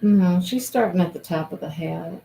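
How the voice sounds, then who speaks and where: A woman's voice: fairly low pitch, moderate pace, creaky, dark tone, slight background noise, rough recording. A woman hosting a casual crochet-along livestream, gushing over her work and thinking aloud as she follows along.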